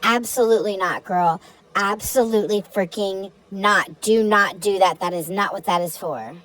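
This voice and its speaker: A woman's voice: medium pitch, moderate pace, a bit bright, rough recording. A woman hosting reaction commentary, blunt and sarcastic in her remarks. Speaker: commentary host.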